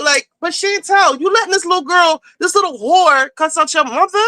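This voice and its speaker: A woman hosting a livestream, recapping reality TV in casual, blunt and profane chat, rushing through the story. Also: high-pitched, pushed and bright, dry recording, poor audio. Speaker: livestream host.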